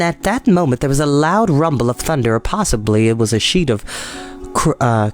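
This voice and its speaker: A man reading a children's book aloud, in a lively way with chatty asides. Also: mid-range voice, a little fast, soft background music. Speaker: storyteller.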